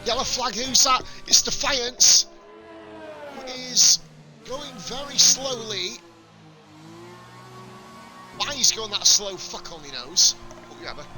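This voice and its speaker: A man's voice: extremely high pitch, slow, pauses often, bright, forceful tone, faint music behind. A man commentating an online racing league race in a casual, sweary and blunt way, ranting at drivers and chat.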